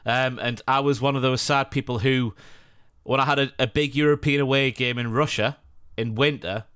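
A man's voice: mid-range voice, fairly even intonation, moderate pace, fairly bright tone, clean tone, dry recording, studio quality. A young adult man co-hosting a podcast in casual, jokey, self-deprecating banter. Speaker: podcast co-host. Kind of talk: casual chat.

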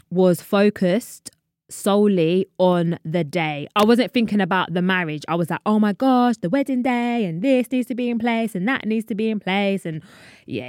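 30s woman rambling thru her podcast intro, kinda low voice, laughs at herself, dry mic. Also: darkish tone, dry recording. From London, England. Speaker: podcast host. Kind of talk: casual solo podcast chat.

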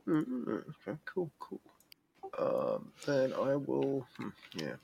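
Gravelly, drawling man player. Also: mid-range voice, wildly swooping pitch, slow pace, darkish tone, slight background noise. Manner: drawling, unsure, full of ums. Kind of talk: casual play at a tabletop game.

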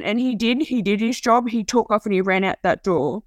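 A woman giving a raw, halting personal account, often restarting and repeating herself. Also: on the high side, dry recording. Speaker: interviewee telling her story. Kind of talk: personal testimony.

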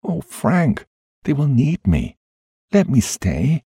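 A man's voice: huge pitch swings, moderate pace, mellow, slightly rough, no room sound, studio quality, full character voice. A man voicing a frail, pleading dying woman. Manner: raised pitch, pleading and earnest.

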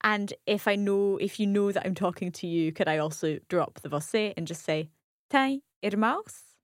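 A woman's voice: medium pitch, normal speed, dry recording, studio quality. Curious woman learner with Scottish accent. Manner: curious, careful, asks follow-up questions. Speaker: learner co-host. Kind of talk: language lesson podcast.

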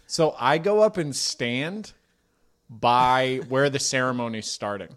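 A man's voice: mid-range voice, slow, a bit bright. A man in his thirties casually telling a self-deprecating story on a podcast, rambling and laughing at himself.

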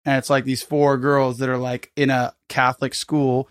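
A man's voice: mid-range voice, flat delivery, normal speed, clean tone, no echo, clean studio sound. A man co-hosting a casual podcast, rambling and casual, swearing now and then. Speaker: podcast co-host.

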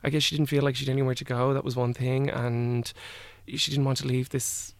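Gravelly young man telling a story. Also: mid-range voice, level tone, dry recording. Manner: halting, with many "like" and "I was like" quotes. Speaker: guest. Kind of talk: personal storytelling in conversation.

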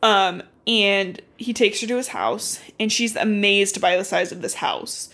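Young woman co-host, casual, animated recap, lots of fillers. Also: medium pitch, a little slow. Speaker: podcast co-host. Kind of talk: casual book recap chat.

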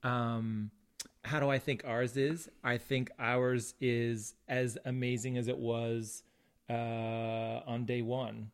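A man in his late forties, about to turn fifty, talking openly in a relaxed couple's podcast. He's candid and good-humored and drops in wry asides. His voice has a middling pitch. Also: takes it slowly, clear, resonant tone. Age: 40s. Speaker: podcast co-host, husband and father. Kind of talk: casual couple chat.

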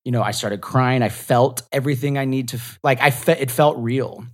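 A man's voice: mid-range voice, a little fast. Rambling man from the South. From the American South. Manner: rambling, full of fillers and restarts. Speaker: actor and podcast guest. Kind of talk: casual interview chat.

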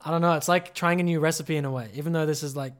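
A man's voice: a little high, steady tone, racing. A man co-hosting a podcast, musing and rambling in casual chat. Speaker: podcast co-host.

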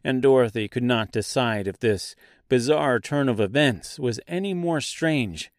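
A man narrating a fantasy audiobook in a measured storytelling manner. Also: mid-range voice, dry recording, clean studio sound. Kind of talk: scripted narration.

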